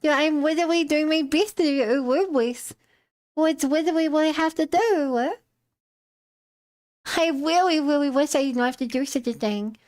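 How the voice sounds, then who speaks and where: A cutesy uwu-talking girl, put on by a woman on a live stream, pitched high and coated in a sugary, mock-sweet manner. She tags "uwu" onto everything she says and leans hard into the cute act. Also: normal speed, darkish tone, natural voice.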